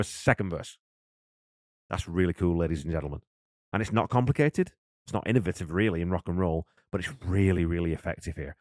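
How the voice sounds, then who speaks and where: Enthusiastic low-voiced man explaining drums. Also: expressive, fast, a little mellow, no room sound, studio quality. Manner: enthusiastic, nerdy, counts beats aloud. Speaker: drummer and host. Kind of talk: casual music breakdown commentary.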